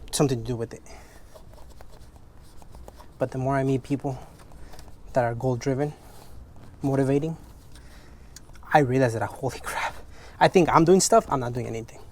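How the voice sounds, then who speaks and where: A man's voice: mid-range voice, moderate pace, pauses often, slight background noise. A man with English as his second language, frankly chatting in a rambling, motivational way while detailing his car, swearing casually.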